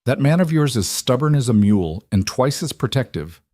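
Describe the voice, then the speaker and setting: A man voicing an older woman midwife who speaks with blunt, calm authority. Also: mid-range voice, fairly quick, dry recording, studio quality, voice pushed up. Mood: blunt, firm. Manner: blunt, commanding.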